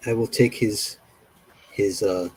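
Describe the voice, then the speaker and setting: A man's voice: lowish voice, fairly even intonation, takes it slowly, darkish tone, husky, no room sound. A man in casual chat on a call, telling funny stories and acting out what others said, often laughing. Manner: laughing storyteller, acts out quotes.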